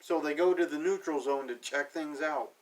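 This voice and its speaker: A man's voice: fairly high pitch, normal speed, far from the mic, rough recording. A man casually recapping a TV episode in a sarcastic, offhand way, paraphrasing the characters as he goes. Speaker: TV episode reviewer.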